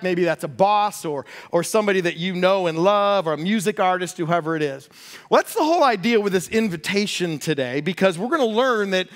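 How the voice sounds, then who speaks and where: High-voiced pastor telling a story. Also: male voice. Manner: lively storyteller, self-deprecating humor. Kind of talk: sermon with personal storytelling.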